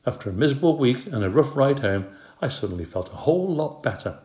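A man narrating a children's storybook in a lively, expressive way. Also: mid-range voice, fast, reverberant.

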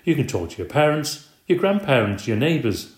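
A man's voice: medium pitch, very animated, moderate pace, pitched above the performer's own voice, lightly acted. A man reading the part of a female schoolteacher who speaks to her class in an encouraging way in a storybook reading. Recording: roomy echo.

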